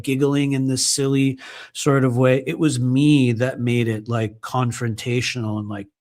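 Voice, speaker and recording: A man reading aloud from his own book and breaking off into loose, conversational asides, swearing freely. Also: mid-range voice. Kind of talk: live book reading with casual commentary.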